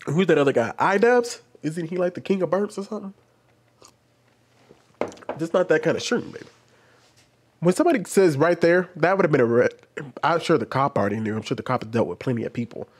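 A man's voice: fairly high pitch, expressive, brisk, pauses often, husky. A man hosting a casual reaction video, talking loosely and rambling with restarts, close to his microphone. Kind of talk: casual commentary. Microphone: desk microphone close up.

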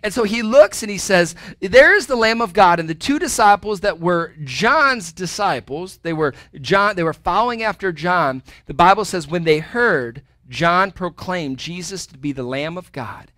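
Male pastor, sermon delivery, high bright voice, dry close sound, chatty and playful. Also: lively intonation, normal speed, few pauses, no echo. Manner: conversational preaching with playful asides. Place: church sanctuary.

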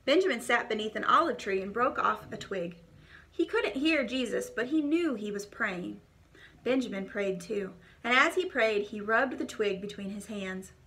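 A woman reading a children's devotional storybook aloud in an expressive, clear storytelling manner. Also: medium pitch, moderate pace, a little hiss or hum.

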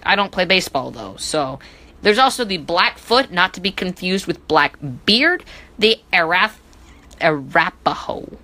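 Woman doing a jokey history podcast, bright kinda punchy voice, trips over names, pokes fun at herself. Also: lowish voice, very animated, unhurried, low-quality recording. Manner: joking, self-deprecating asides. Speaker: history teacher. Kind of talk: casual educational podcast.

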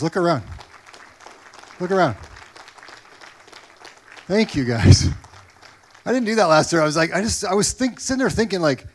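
A middle-aged pastor preaching a sermon in a church, telling a personal story with lively, acted-out quotes. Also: male voice, sits high. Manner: animated storytelling, acts out quoted voices. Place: church sanctuary.

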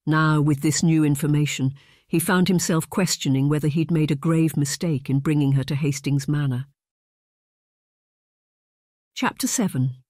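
An audiobook narrator reading a romance novel in a measured, even storytelling voice. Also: medium pitch, no room sound, studio quality.

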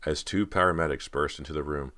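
A man reading a horror audiobook in a steady, dramatic way. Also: a bass voice, fast. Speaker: audiobook narrator. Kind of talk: scripted narration of a horror novel.

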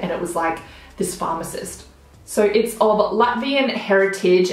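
A young woman, chatting casually to camera as a beauty vlogger while doing her makeup, gushing and bubbly, trailing off into mumbles at the ends of phrases. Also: mid-range voice. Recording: very echoey room.

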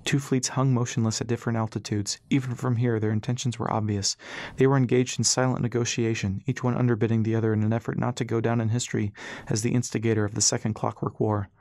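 A man reading an audiobook as narrator, in a steady storytelling manner. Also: medium pitch, quick pace, no room sound.

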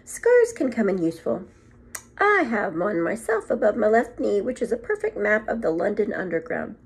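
A woman voicing a calm, wise old wizard headmaster who speaks in a quiet, gentle murmur. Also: mid-range voice, normal speed, gravelly, husky, full character voice.

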